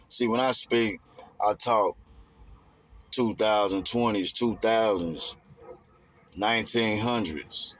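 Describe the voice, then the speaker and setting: A man's voice: fairly low pitch, a bit bright, no room sound. A man giving a rambling, emphatic casual monologue in streetwise slang.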